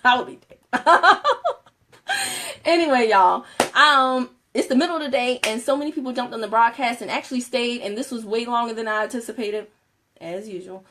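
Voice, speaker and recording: A chatty, animated woman, hosting a casual Facebook Live and laughing often as she talks to viewers. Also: a little high, brisk. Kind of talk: casual live-stream talk.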